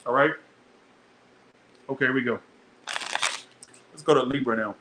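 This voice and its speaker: A man's voice: medium pitch, normal speed, echoey room, background noise. A young man doing a casual tarot reading, chatty and blunt, swearing freely as he talks to his viewers. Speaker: tarot reader.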